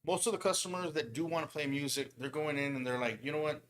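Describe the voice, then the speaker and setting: A man's voice: a little high, fast, noisy background. A man who installs car audio, chatting casually on a podcast with slang and plenty of swearing. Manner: laid-back, slangy, swears freely.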